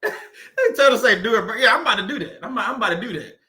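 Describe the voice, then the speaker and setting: A man's voice: very high-pitched, animated, quick pace, sharp tone. A man hosting a faith-based livestream, chatting casually with viewers and laughing and joking often.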